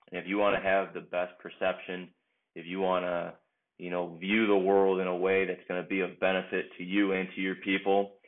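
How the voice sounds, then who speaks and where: A man coaching and hosting a motivational solo podcast, talking in an earnest, reflective way with frequent fillers. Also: low voice. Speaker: baseball coach and podcast host. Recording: tinny phone-like sound.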